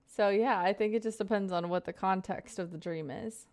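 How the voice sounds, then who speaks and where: A woman's voice: mid-range voice, normal speed, a little mellow. A young woman in her twenties chatting casually on a live stream, greeting viewers by name and rambling through stories.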